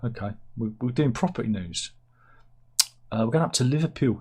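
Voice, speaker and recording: A man's voice: mid-range voice, expressive, normal speed, darkish tone, husky. A man hosting a casual satirical news chat, rambling and interrupting himself with asides. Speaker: host reading news stories.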